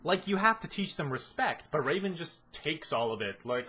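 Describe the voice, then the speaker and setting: Man, husky voice, slightly high pitch, exasperated rant, swearing, show commentary. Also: lively intonation, normal speed, hardly any pauses, sharp tone. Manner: exasperated ranting, heavy swearing. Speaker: video commentator. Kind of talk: ranting show analysis.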